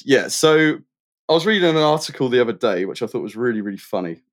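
A British man talking casually in a middle-pitched voice, loose and rambling. He circles his point with plenty of fillers and friendly asides, easygoing rather than polished. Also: expressive, quick pace. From Britain. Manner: chatty, rambling, many fillers and restarts. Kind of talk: casual conversation.

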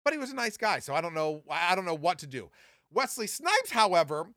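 A man in his thirties from Southern California, casually telling profane stories on his podcast with big jumps in pitch. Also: sing-song, a little fast, bright, forceful tone, no echo. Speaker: podcast host. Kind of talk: casual storytelling.

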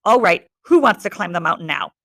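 A woman's voice: lowish voice, lively intonation, a little fast, creaky. A woman reading aloud the lines of a tense, stubborn schoolboy leader, clipped and defiant. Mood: firm.

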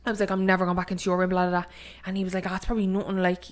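A young adult woman with an Irish accent co-hosts a podcast, her medium-pitched voice racing as she tells a ghost story in casual chat. She acts out the voices with animated storytelling and leans heavily on "like."

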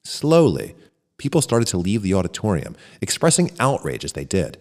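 A male storyteller reads a short story with a lively, rising and falling voice. He belts out the characters' shouts. The voice rings with a long reverb, as in a hall. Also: low voice, moderate pace. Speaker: narrator. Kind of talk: scripted narration of a short story.

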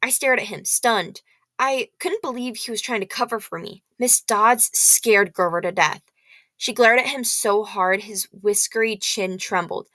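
A woman reading a novel aloud in expressive first-person storytelling. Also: medium pitch, measured pace, dry recording.

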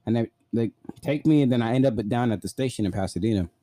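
A man's voice: mid-range voice, quick pace, dark tone, dry recording. A man casually telling a personal story, blunt and profane, full of "like" fillers.

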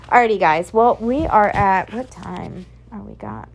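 A woman's voice: mid-range voice, a little slow, gravelly, hardly any pauses. Profane, emphatic young woman podcaster. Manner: profane, emphatic, motivational rant. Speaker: podcast host. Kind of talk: casual solo podcast monologue.

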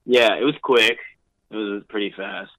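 A man's voice: on the low side, fairly even intonation, moderate pace, fairly bright tone, no echo, rough recording. A young man in his twenties, a wrestler guesting on a podcast, rambling casually with lots of fillers. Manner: loose, rambling, heavy on fillers.

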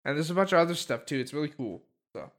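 A man's voice: fairly high pitch, expressive, fast. A man co-hosting a podcast in casual chat, rambling with many fillers and restarts. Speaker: podcast co-host.

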